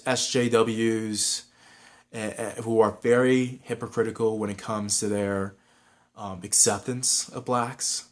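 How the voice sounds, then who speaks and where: A man's voice: fairly low pitch, steady tone, slow pace. A man with a Southern California accent giving frank, rambling advice in a casual vlog, with many restarts and fillers.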